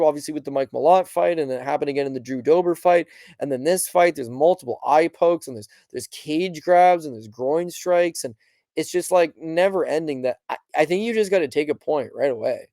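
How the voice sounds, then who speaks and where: A man's voice: fairly high pitch, a little fast, mellow, no echo, studio quality. A man hosting a sports podcast, talking in a passionate, rambling way and acting out quotes of fighters and fans. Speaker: podcast host. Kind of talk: casual sports commentary.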